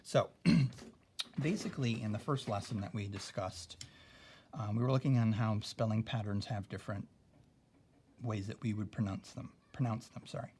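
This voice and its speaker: Male teacher, lowish voice, patient step-by-step explainer, keeps asking "okay?", light background noise. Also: dark tone. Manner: explains slowly, adds "okay?" often. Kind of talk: recorded spelling lesson.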